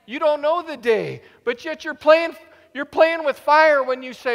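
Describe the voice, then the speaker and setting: A man preaching a sermon as pastor in a church, animated, dropping to a hush and then rising loud, with playful asides. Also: very high voice, normal speed, in a large hall. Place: church sanctuary.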